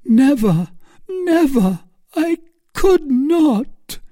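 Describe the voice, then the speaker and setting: A man's voice: high voice, slow pace, mellow, husky, no echo, clean studio sound, pitched above the performer's own voice, exaggerated voice. A man voicing a scheming woman prisoner who pleads in tearful, pious tones, raising his voice well above his own. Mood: grieving. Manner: tearful, imploring, theatrically devout. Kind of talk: audiobook character voice.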